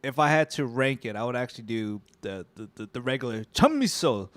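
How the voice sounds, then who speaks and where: A man's voice: medium pitch, lively intonation, a little fast, fairly bright tone, no room sound. A man co-hosting a podcast in casual chat, laughing often. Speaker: podcast co-host.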